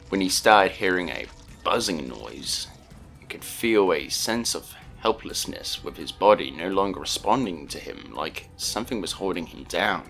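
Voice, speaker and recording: This fan audiobook is read by a man whose voice is low and deep. His storytelling stays earnest and even, with clear music running underneath from start to finish.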